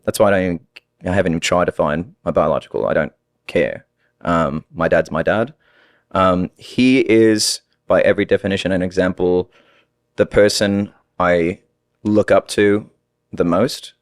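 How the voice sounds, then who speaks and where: Man, American with Australian-tinged accent, low voice, dry close sound, animated storyteller. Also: no echo. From United States. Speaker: podcast guest. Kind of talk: casual storytelling.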